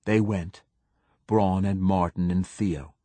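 A man reading a novel aloud as an audiobook narrator, in a measured, even storytelling manner. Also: low-pitched, no room sound. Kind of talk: scripted narration.

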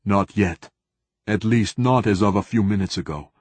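A man's voice: fairly low pitch, normal speed, darkish tone, breathy edge, no echo. A man voicing a brash male pilot who talks in a confident, offhand way.

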